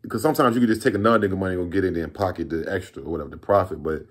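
A man's voice: low-pitched, racing, slightly rough. A man in his thirties from Virginia telling a story in a rambling, laid-back way, with lots of profane slang. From Virginia, USA. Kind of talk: casual storytime vlog.

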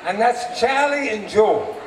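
A man's voice: very high-pitched, unhurried, pitched above the performer's own voice. A man voicing a kindly parish priest who talks in a soothing, reassuring way. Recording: echoey open air from far mic, noisy.

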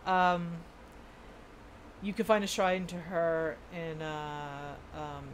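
A woman's voice: low voice, level tone, slow, a little hiss or hum. A young woman chatting casually as she streams a video game, rambling and amused at herself. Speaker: gaming streamer. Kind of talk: casual gameplay commentary.

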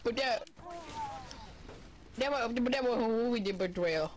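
Brash high-voiced gamer trash-talking. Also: male voice, a little slow, a little hiss or hum. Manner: brash, playful trash talk in broken grammar. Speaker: gamer playing online. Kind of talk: casual voice chat during gameplay. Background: game music.

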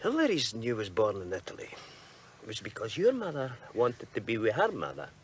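A teasing older relative. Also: male voice, on the low side, wildly swooping pitch, fairly quick, slight background noise. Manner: mocking and teasing. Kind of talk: 1980s television drama.

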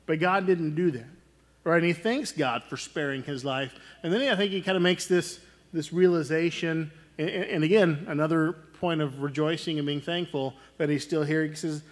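A man preaches a church sermon, talking earnestly and conversationally. His voice sits a little higher than most men's, and he often restarts a phrase or tosses in a quick "right?" to the congregation. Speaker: pastor.

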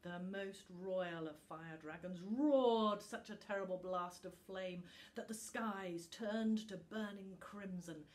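A woman, a school teacher, reading a bedtime story aloud in a calm, gentle manner with dramatic pauses. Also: medium pitch.

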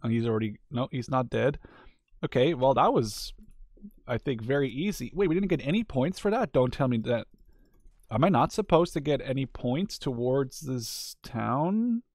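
A man commenting on his own gameplay in an easy, chatty way, drifting into small rants and filling pauses with ums and likes. His voice sits at an ordinary middle pitch, and the recording is dry and close with no room sound. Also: lively intonation, a little mellow, no room sound. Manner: chatty, rambling, mildly ranting with many fillers.

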